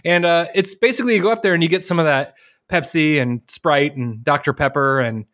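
Easygoing male co-host with a Northwest Ohio accent and a slightly higher voice, jokes around. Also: a little fast. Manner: relaxed, joking, reads quotes aloud. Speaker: podcast co-host. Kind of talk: casual chat.

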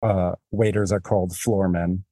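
A man's voice: sits low, fairly even intonation, a little slow, dark tone, no room sound, clean studio sound. A man hosting a podcast, talking through a book in a rambling, self-deprecating way with many restarts. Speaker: podcast host. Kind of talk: casual book discussion.

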